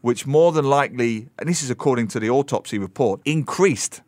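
This is a middle-aged man, co-hosting a talk show. He tells the story with animated, emphatic flair at a middle pitch. His voice is recorded close and dry. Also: brisk, no room sound. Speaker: radio co-host. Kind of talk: casual chat, storytelling.

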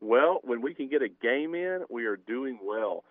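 A man's voice: mid-range voice, expressive, measured pace, no room sound. A man, a football coach, answering a radio host's questions over the phone in a plain, easygoing way. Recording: tinny phone line.

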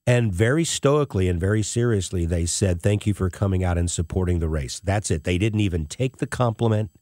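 A man's voice: deep voice, brisk, warm tone, no echo, studio quality. A middle-aged man hosting a show, telling a personal story in an emotional, tearful way. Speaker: host.

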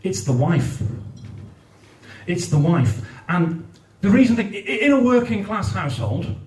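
A man's voice: sits high, very animated, measured pace, a little mellow. A man performing a crude, swearing live stand-up routine, acting out other people's raised voices at a comedy night. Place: comedy night in a venue hall. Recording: echoey hall, mic from far off.

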